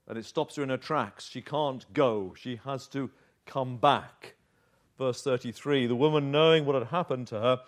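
A man preaching a sermon through a Bible passage, telling it as a vivid story with rhetorical questions. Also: medium pitch. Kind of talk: expository sermon.

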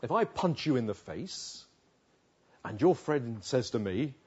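A man's voice: medium pitch, sing-song, unhurried, a little mellow, breathy edge, highs cut off. A man preaching a sermon on a Bible passage, retelling it vividly and asking the listeners rhetorical questions.

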